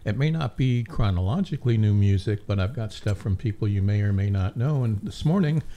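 A man's voice: lowish voice, expressive, brisk, warm tone, dull audio. A man hosting a community radio show, chatting in a friendly, enthusiastic way into a studio microphone. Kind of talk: casual radio chat.

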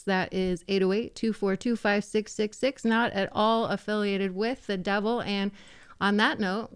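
A woman's voice: mid-range voice, steady tone, moderate pace, clean tone, dry recording. A woman hosting a local radio show, chatting playfully and teasing her co-host between songs. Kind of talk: casual radio chat. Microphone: studio microphone.

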